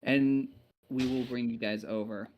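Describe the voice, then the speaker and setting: A man's voice: mid-range voice, fairly even intonation, measured pace, muffled recording, a little hiss or hum. A man narrating a tabletop game as game master, casual and rambling with many fillers.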